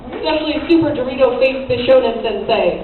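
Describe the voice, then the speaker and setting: A woman's voice: high voice, fairly quick, a crowd in the background. Joking young woman in an echoey room. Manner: joking, teasing asides. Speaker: convention panelist. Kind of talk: casual panel talk. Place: convention panel room. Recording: echoey, distant, tinny audience recording.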